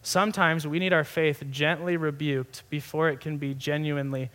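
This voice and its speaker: A man's voice: on the high side, little pitch movement, normal speed, fairly bright tone. A young adult man giving a sermon in a conversational, earnest way, often restarting phrases and saying "like". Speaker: pastor.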